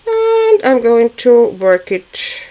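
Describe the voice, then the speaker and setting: A woman's voice: a little high, very animated, slow, mellow, rough recording. A woman hosting a casual livestream, chatting to viewers and thinking aloud with hesitant fillers while she paints. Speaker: livestream host.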